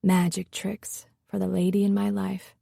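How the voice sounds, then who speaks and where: A woman voicing a rugged, playful man who is a tender lover, speaking low and softly with a teasing manner. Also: monotone, normal speed, creaky, no echo, studio quality, heavily acted. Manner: teasing, low and soft-spoken.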